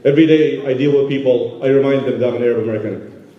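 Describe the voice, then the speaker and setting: A man from Yemen giving a halting, emotional award acceptance speech full of fillers at a gala. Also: medium pitch, fairly even intonation. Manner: halting, many fillers, moved. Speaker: award recipient. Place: large banquet hall. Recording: roomy hall, dull sound.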